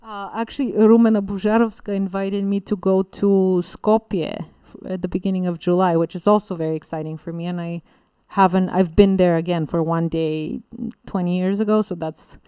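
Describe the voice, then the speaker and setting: A woman's voice: fairly low pitch, steady tone, normal speed, dark tone, clear, resonant tone, no room sound. A Bulgarian woman, a literary translator, talking casually in an interview in English, rambling with many fillers and restarts. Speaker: guest writer and literary translator.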